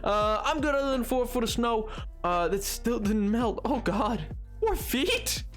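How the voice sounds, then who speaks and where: A young man chatting casually on a game stream, excitable and quick to laugh, reading chat aloud. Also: soft background music. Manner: excitable, bursts into high yelps and laughs, reads chat aloud.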